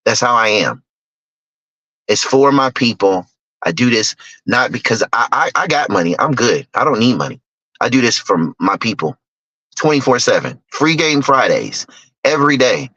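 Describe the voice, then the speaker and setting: In this personal storytelling talk, a middle-aged investor speaking as a guest is emphatic and candid, acting out what other people said. His medium-pitched voice is very animated, pushed and bright at normal speed, recorded dry, dull and lo-fi.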